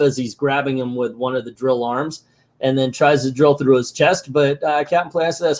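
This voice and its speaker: An older man recapping a comic book in a casual, sarcastic way, mocking the story and acting out its lines in quick voices. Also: medium pitch, fairly even intonation, a little mellow.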